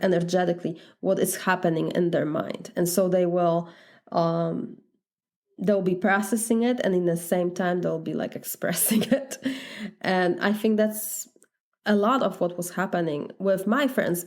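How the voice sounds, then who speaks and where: A woman's voice: mid-range voice, darkish tone. A woman with a Polish accent, a life coach talking in an earnest, conversational podcast monologue, now and then laughing. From Poland.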